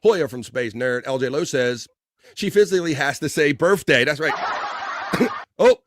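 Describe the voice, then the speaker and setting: A man hosting a casual livestream, reading viewer comments aloud in a loose, joking way with bursts of excitement. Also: on the high side, a little slow, no echo, studio quality. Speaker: livestream host.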